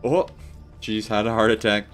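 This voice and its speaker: A man's voice: lowish voice, flat delivery, moderate pace, a bit bright, soft background music. A man with a stuffy, congested voice, chatting casually to his viewers while he plays and comments on a game live. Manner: chatty, addresses chat. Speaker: streamer.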